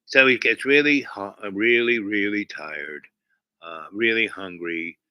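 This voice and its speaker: A man's voice: on the low side, unhurried, sharp tone, clear, resonant tone, no room sound, low-quality recording. A man hosting his own channel, telling a rambling casual story with many fillers and restarts. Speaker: channel host.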